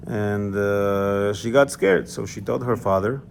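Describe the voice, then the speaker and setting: A man's voice: lowish voice, slow pace, creaky, a little hiss or hum. A man teaching a class conversationally, explaining and telling a story, checking in with listeners. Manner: conversational, asks class for agreement. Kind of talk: lecture with storytelling.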